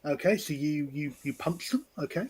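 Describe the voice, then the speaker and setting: A woman's voice: sits low, normal speed, darkish tone, breathy edge. A woman narrating a tabletop game as game master, laughing often and tripping over repeated words.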